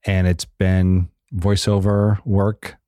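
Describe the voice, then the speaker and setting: A man hosting a podcast, asking measured, reflective interview questions. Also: low voice, little pitch movement, warm tone, clear, resonant tone, no room sound, clean studio sound. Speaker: podcast host. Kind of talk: interview conversation.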